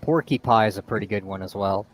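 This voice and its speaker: A man's voice: on the low side, fast. A man in easygoing casual chat, hosting a stream. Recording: faint background noise.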